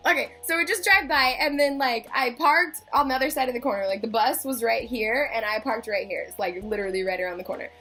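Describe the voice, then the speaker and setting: A woman's voice: fairly high pitch, fast talker, hardly any pauses, bright, forceful tone, faint music behind. A young woman telling a story casually, full of "like" and acted-out quotes. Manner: chatty, fillers of "like", acts out quotes. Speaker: vlogger.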